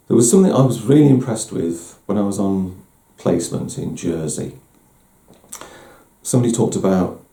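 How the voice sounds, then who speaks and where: Man hosting a candid personal talk: middle-aged, deep gravelly dark voice, self-deprecating, slightly echoey room. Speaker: host. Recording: roomy echo.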